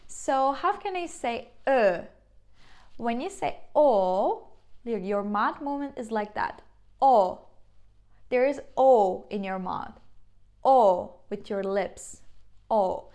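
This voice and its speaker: Slow, patient Turkish-accented woman teacher. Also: on the high side, animated, darkish tone. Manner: slow, patient, repeats sounds, exaggerated mouth demonstrations. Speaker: language teacher. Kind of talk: beginner language lesson.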